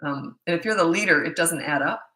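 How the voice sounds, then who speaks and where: Middle-aged female parenting coach, blunt and chatty, bright edge to the voice, roomy sound. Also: fairly low pitch, brisk. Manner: chatty, blunt, self-deprecating asides. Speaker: parenting coach answering viewer questions. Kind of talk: casual live Q&A.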